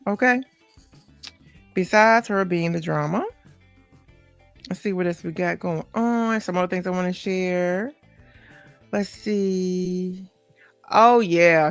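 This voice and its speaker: A woman's voice: fairly low pitch, fairly bright tone. Chatty woman hosting a gossip podcast. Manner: chatty, talks straight to viewers, many asides and "okay?" tags. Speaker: podcast host. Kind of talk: casual celebrity gossip chat.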